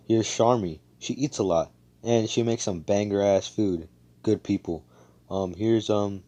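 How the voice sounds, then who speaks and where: Deep-voiced young man telling a fan story. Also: warm tone. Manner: casual, slangy, profane, many fillers. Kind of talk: casual fan-fiction retelling.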